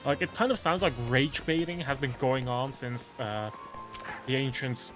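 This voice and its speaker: A man's voice: medium pitch, normal speed. Rambling male game streamer over music. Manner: rambling, heavy on filler words, musing aloud. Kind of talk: casual rambling chat during a game stream.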